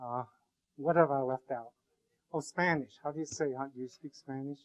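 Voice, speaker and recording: A male university lecturer giving a classroom lecture, rambling and joking with many halting restarts. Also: medium pitch, steady tone, low-quality recording.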